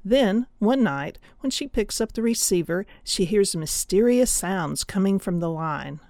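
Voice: medium pitch, animated, measured pace, darkish tone, no room sound, clean studio sound. An audiobook presenter giving a friendly, informative overview of a story collection. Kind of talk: promotional overview.

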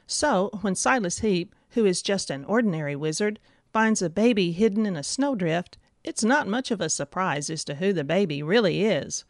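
A woman's voice: mid-range voice, expressive, normal speed, no room sound, clean studio sound. A woman giving a scripted, enthusiastic book review. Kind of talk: scripted narration.

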